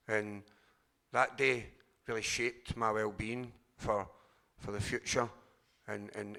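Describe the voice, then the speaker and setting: A middle-aged Glaswegian man shares his recovery story at a convention. His voice is gravelly and edged with a bright, sharp tone. He talks in a raw, unpolished way, swears freely and often stops and restarts. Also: on the low side. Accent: Glaswegian Scottish. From Scotland, Glasgow. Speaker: speaker sharing at a recovery convention.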